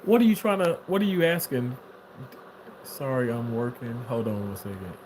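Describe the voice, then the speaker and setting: A man's voice: medium pitch, moderate pace, noisy background. A man talking casually on a livestream, reading viewer comments aloud and answering them in a playful way with frequent laughter. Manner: animated, playful, laughs often.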